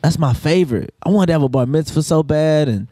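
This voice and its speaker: A man's voice: a little high, a little fast, warm tone, no room sound, studio quality. A man chatting casually on a comedy podcast, telling brash, profane stories. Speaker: podcast co-host.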